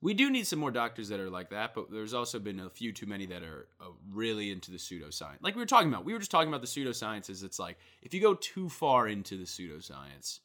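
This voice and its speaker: A man's voice: lowish voice, huge pitch swings, quick pace, hardly any pauses, fairly bright tone. A young man co-hosting a casual podcast, joking and swearing, acting out voices in his stories. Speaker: podcast co-host. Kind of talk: casual chat.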